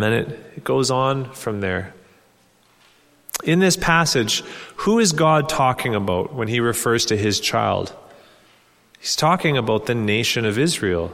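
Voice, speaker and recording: A man delivers a sermon at a medium pitch, teaching earnestly and lifting his voice as he reads scripture. His words ring out with a long reverb that trails through the hall around him. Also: animated, measured pace, gravelly, a bit bright. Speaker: pastor.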